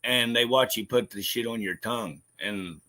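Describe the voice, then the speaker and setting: A man's voice: mid-range voice, moderate pace, bright, forceful tone. A man vlogging in casual chat, rambling, swearing freely and laughing often. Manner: profane, laughs a lot, rambling.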